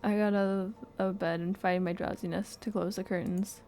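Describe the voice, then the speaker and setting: A woman reading a game's story text aloud in an expressive, soft-spoken way. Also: medium pitch, brisk, soft background music. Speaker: game playthrough narrator.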